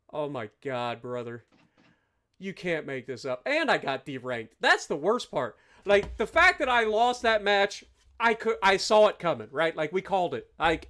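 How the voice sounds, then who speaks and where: A high-pitched man streaming live gameplay. He rants loudly and with exasperation at his teammates, then drops into dry, sarcastic play-by-play. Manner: loud, exasperated ranting with sarcastic asides.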